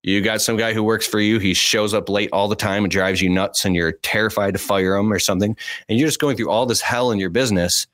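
Lower-voiced blunt motivational man. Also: steady tone, fairly quick, a bit bright, dry recording. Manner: earnest, blunt, fervent. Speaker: podcast guest. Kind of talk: motivational talk.

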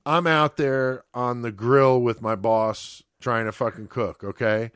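A man casually telling a profane, animated story as a podcast host, checking in with "okay?" as he goes. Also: medium pitch, unhurried, clear, resonant tone, no room sound, clean studio sound.

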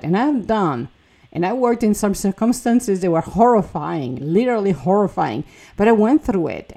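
Woman motivational speaker, mellow earnest delivery, non-native English, encouraging and direct. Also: mid-range voice. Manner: earnest, encouraging, acts out little quoted dialogues. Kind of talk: motivational monologue.

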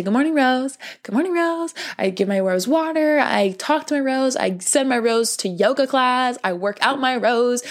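A young adult woman hosts a podcast in a medium-pitched voice, delivering a casual, heartfelt monologue. She speaks gently and earnestly, saying "like" a lot and calling her listeners "baby."

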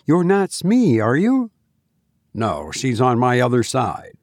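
A man reading a ghost story aloud, voicing a hushed, uneasy young woman who talks in a soft, confiding whisper. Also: mid-range voice, wildly swooping pitch, slow, dry recording, studio quality, full character voice.

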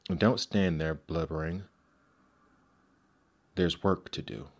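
A man's voice: low-pitched, slow, slightly rough, exaggerated voice. A man putting on a sly, greedy old witch. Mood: harsh.

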